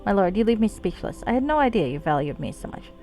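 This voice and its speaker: A woman's voice: mid-range voice, big pitch swings, fast, darkish tone, faint music behind. A woman reading the lines of a noble, sorrowful fallen paladin in formal, solemn courtly speech.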